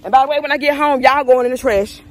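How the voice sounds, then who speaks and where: A woman's voice: sits high, fast. A woman, a mother, chatting animatedly and in slang while vlogging outdoors on a neighborhood street, filmed on a phone by someone else. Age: adult mother. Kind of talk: casual vlog chat. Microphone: phone camera held by someone else.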